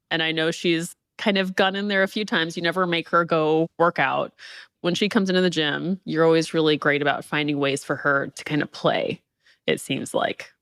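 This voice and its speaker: Woman co-host asking gentle questions. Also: low-pitched, dry recording, clean studio sound. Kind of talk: casual conversation.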